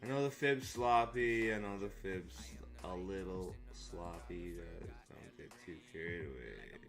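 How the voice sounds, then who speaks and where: A man's voice: low-pitched, measured pace, hardly any pauses, a bit bright, soft background music. A man hosting a live trading stream, chatting casually in a joking, hyped, slangy way with some swearing. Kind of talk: casual live-stream chat over charts.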